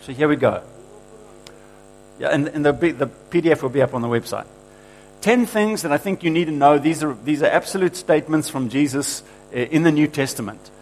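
A man's voice: fairly high pitch, fairly quick, darkish tone, rough recording. Emphatic male preacher, faint hum. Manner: emphatic, quoting scripture with rising force. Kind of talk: sermon.

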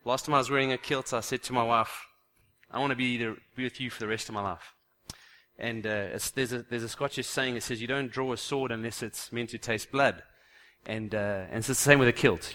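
A male pastor giving a sermon in church, lively and jokey, building up to emphatic declarations. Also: mid-range voice.

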